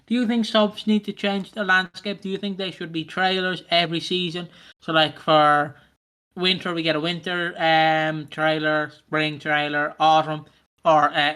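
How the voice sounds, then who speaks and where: A man's voice: fairly high pitch, fairly even intonation, normal speed, sharp tone, clean tone. A man hosting a casual podcast chat, jokey and rambling, swearing now and then. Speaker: podcast host.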